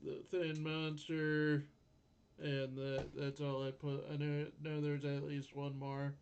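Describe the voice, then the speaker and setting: A man casually reviewing an anime episode with a co-host, unhurried and chuckling as he refers to his notes. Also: a little high, monotone, a little mellow, dull audio, a little hiss or hum. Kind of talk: casual recap chat.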